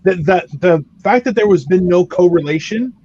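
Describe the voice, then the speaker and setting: A man's voice: high voice, expressive, normal speed, a little mellow, husky, lo-fi sound. A man, a comedian, riffing profanely in casual chat and ranting with acted-out voices. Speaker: comedian podcast co-host.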